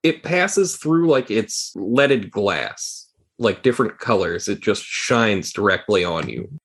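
A man narrating a tabletop game as game master, describing scenes calmly. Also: on the low side, takes it slowly, creaky, slightly rough.

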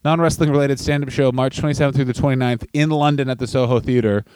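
A man's voice: mid-range voice, steady tone, quick pace, darkish tone, smooth, dry recording. A man, a stand-up comedian co-hosting a podcast, casual and wry. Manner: wry, self-mocking.

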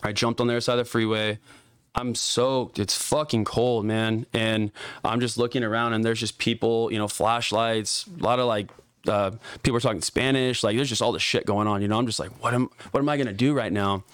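A young man telling a story in casual podcast talk, animated and profane, with lots of "like" fillers. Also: fairly low pitch, a little fast, clear, resonant tone, dry recording.

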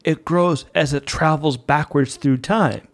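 A man's voice: fairly high pitch, a little slow. A man voicing an older male starship captain, reading the lines plainly in his own voice. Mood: insistent. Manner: read out plainly in the reader's own voice.

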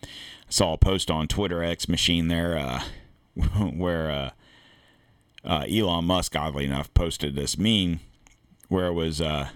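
A man's voice: deep voice, unhurried, long pauses, clear, resonant tone, no echo, clean studio sound. An American man hosting a political podcast, reading an article aloud and then breaking into blunt, profane asides. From United States. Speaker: podcast host. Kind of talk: opinionated commentary reading an article.

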